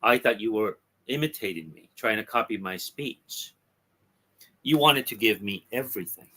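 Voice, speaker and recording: A man reading a young woman's comic dialogue aloud in a plain, husky voice. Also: fairly low pitch, expressive, normal speed, a bit bright. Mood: quiet. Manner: plain reading, with little change of voice. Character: wistful young woman rejecting her lover.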